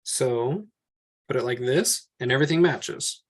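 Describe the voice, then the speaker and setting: A man's voice: medium pitch, a little slow. A man teaching a class from slides, explaining each step patiently and thinking aloud as he works.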